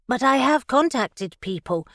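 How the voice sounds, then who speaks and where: A woman's voice: high voice, lively intonation, unhurried, fairly bright tone, dry recording, clean studio sound, voice pushed up, heavily acted. Woman voicing a guarded young witch. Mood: wary.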